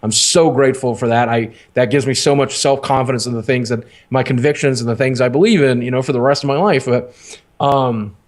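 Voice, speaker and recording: A man's voice: medium pitch, steady tone, a little fast. A man, a podcast co-host telling a long candid story in casual, rambling, profane talk.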